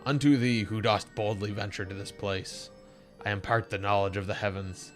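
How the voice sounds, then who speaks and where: Casting: a man putting on an ancient divine spirit, grand and archaic, unhurried and loud. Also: lowish voice, steady tone, faint music behind, lightly acted. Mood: solemn. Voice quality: archaic, grand, slow proclamation.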